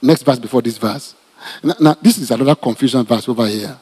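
A man with a Nigerian accent preaching a teaching sermon as pastor, animated and repetitive, with joking asides to the congregation. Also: mid-range voice, fairly quick, slightly rough, long reverb tail. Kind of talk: teaching sermon, Bible study.

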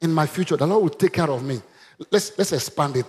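A man's voice: fairly high pitch, fast. A man preaching a sermon, emphatic and calling on the congregation to repeat after him. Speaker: pastor.

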